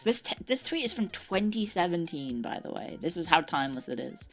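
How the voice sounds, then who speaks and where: A woman's voice: fairly low pitch, very animated, brisk, fairly bright tone, soft background music. A young adult woman streamer chatting casually, swearing and laughing often. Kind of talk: casual live-stream chat. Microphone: desk mic with earbuds.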